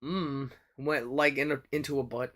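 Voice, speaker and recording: A woman's voice: very deep voice, fairly even intonation, moderate pace. A woman hosting a livestream, casually reading scripture and giving blunt, profane commentary as she thinks aloud. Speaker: livestream host.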